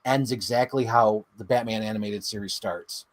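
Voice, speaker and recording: A man's voice: lowish voice, steady tone, moderate pace, no room sound. A man co-hosting a podcast, rambling enthusiastically about shows with lots of filler words. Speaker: podcast co-host. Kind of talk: casual chat.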